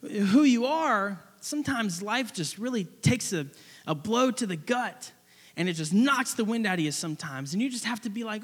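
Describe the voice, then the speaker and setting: High-voiced man preaching in a hall. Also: moderate pace, husky. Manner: animated storytelling with many restarts. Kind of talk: sermon with personal story.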